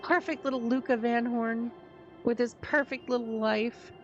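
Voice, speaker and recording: A woman's voice: a little high, steady tone, normal speed, muffled recording, faint music behind, close to an everyday voice. A woman streamer reading the lines of a bitter, sarcastic boy from a story game, blunt and slangy. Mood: glum. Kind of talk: game dialogue read aloud.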